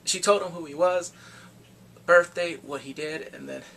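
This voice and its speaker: Gravelly, animated man recapping a movie. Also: a little high, moderate pace, slight background noise. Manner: animated, reacts with exclamations and gasps. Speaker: movie reviewer.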